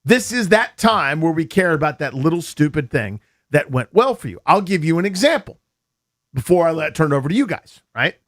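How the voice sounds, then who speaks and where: On a studio microphone, an American man with a somewhat high voice talks fairly quickly. Hosting a sports radio program, he tells loose, joking stories in an easygoing studio conversation, animated throughout.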